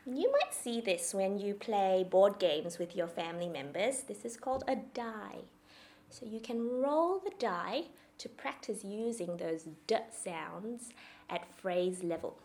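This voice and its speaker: A woman speech therapist calmly explaining to parents how to practise a speech sound and reading a picture book aloud. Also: medium pitch, unhurried. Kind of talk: instructional talk for parents.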